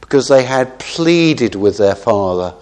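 A man's voice: medium pitch, animated, a little slow, darkish tone. Man teaching a sermon in a chatty way. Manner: conversational, frequent "isn't it?" tag questions; thoughtful with small self-corrections. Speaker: preacher. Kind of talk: expository Bible teaching.

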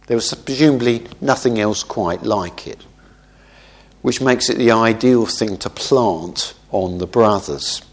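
This man's voice sits on the low side and moves a little slowly as he works through a Bible passage in expository teaching. His delivery is conversational and thoughtful, with points often capped by "isn't it?" and the occasional mid-word self-correction.

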